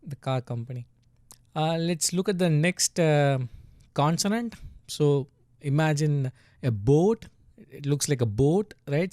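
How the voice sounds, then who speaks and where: Guy slowly walking you through letters, kinda high voice, keeps asking right?, dry close mic. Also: animated, a little mellow, no room sound. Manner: patient, repeats words and checks with "right?". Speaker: language teacher. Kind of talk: casual tutorial explanation.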